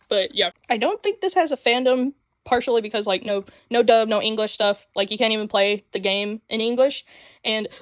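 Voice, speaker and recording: A young woman rambling excitedly about anime in a casual vlog, full of fillers and sudden jumps in voice. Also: mid-range voice, no echo. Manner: rambling, excitable, with frequent fillers and quick voice switches. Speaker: anime vlogger. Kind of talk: casual chat. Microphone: phone mic.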